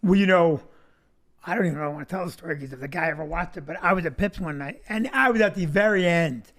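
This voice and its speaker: A middle-aged man hosting a podcast, chatting casually and telling stories in an animated way. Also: a little high, fast talker. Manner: animated storyteller. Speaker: podcast host, comedy club owner. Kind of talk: casual interview chat.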